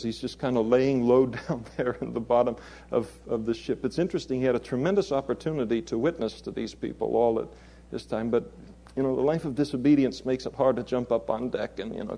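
A man's voice: medium pitch, expressive, a little fast, vocal fry, dark tone. A man preaching an expository sermon in a conversational way, chuckling and adding playful asides.

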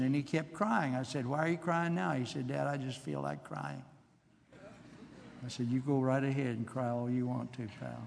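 An older man preaching a sermon in a conversational, musing way, with asides and soft chuckles. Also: fairly high pitch, gravelly, long reverb tail.

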